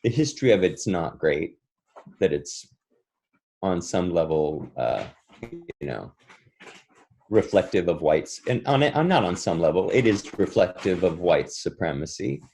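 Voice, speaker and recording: Low-voiced American man explaining speech. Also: very animated, measured pace, vocal fry, pauses often, a little mellow. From United States. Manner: explanatory, demonstrates vowel sounds. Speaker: voice and speech coach. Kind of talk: conversational interview answer.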